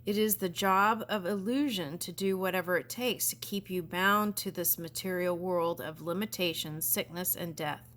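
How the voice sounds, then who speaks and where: A woman's voice: fairly low pitch, moderate pace, hardly any pauses, a bit bright. A woman giving a casual spiritual card reading, reading passages aloud and chatting about them with frequent little asides. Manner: chatty, reads aloud then comments, giggly asides. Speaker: tarot reader.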